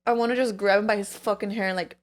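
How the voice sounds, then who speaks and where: Young woman co-host, casual candid chat, swears freely, middle-pitched voice. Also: fairly even intonation, quick pace. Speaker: podcast co-host.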